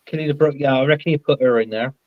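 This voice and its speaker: A man's voice: medium pitch, racing, no echo, narrow, tinny audio. A man talking casually as a guest on a livestream, rambling and hesitant. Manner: rambling, hesitant, many restarts and fillers. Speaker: guest co-host.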